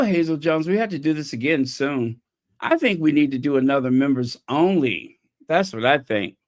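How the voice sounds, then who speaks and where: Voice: medium pitch, fairly bright tone. A host chatting casually on a live stream, playful and joking, with a voice worn from hours of talking. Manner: playful, joking, bursts into singing. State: losing voice, dry throat.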